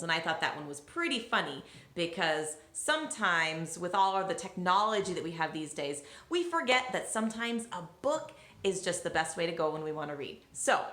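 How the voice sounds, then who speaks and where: A woman teacher doing a children's read-aloud, gentle and chatty with her young listeners. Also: mid-range voice. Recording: roomy echo.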